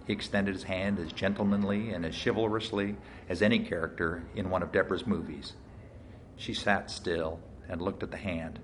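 A man's voice: low voice, fairly even intonation, moderate pace, slight background noise. A man narrating a first-person mystery story in a dry, wry way.

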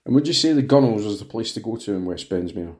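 A man's voice: lowish voice, animated, fast, a little mellow, close to an everyday voice. A man reading the part of a genial, needling male police detective.

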